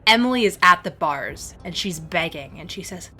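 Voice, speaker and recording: A woman game master narrating a tabletop game with a lively, bright voice that rises and falls widely. She is gentle and encouraging toward her player. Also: on the low side, normal speed, few pauses, faint music behind.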